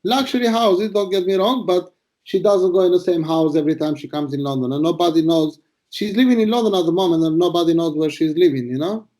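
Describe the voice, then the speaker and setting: Blunt, crude, high-voiced man from Albania. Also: fast, dark tone. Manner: blunt, crude, boastful, rambling. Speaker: retired paparazzo. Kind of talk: casual interview storytelling.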